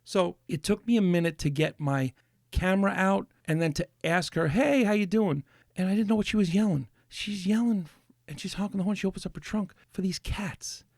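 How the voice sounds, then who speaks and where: A man's voice: high voice, a little fast, darkish tone, dry recording, clean studio sound. A man hosting a podcast, telling rambling stories in a casual chat with lots of restarts. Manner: rambling storyteller with many restarts. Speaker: podcast host.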